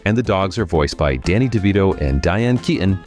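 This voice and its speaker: A man's voice: low voice, animated, a little fast, a little mellow, faint music behind. A man hosting a comedic film review show and ranking bad sequels with dry sarcasm. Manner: wry, sarcastic. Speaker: host.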